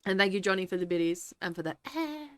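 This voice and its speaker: Woman streamer, sniffly and teary, lively up-and-down voice, dry close sound, chatty and quick to laugh. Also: mid-range voice, smooth, no echo. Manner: chatty, reads chat aloud, laughs often. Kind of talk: casual live-stream chat while gaming.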